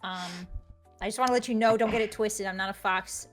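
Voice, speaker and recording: A woman's voice: medium pitch, steady tone, soft background music. Goofy woman joking on a livestream. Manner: goofy, joking, quick with bits. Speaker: author guest. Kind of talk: casual livestream interview.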